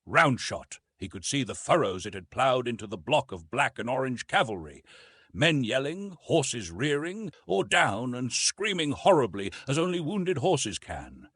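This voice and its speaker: An audiobook narrator, a man, tells a science fiction story with real drive. His tone is slightly husky, and his pitch leaps around as he builds the action. The sound is close and dry, with almost no room around it. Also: a little slow, no room sound. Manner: animated storytelling with lively rises in pitch.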